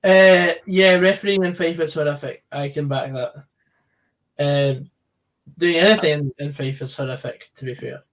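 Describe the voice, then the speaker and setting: A man's voice: fairly high pitch, normal speed, fairly bright tone. A man hosting a live football stream, answering viewer questions in casual chat. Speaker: stream host.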